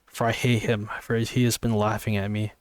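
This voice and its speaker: A man's voice: on the low side, flat delivery, moderate pace, clean tone, no echo, studio quality, lightly acted. Man reading as a tearful pleading young woman. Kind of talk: amateur book reading.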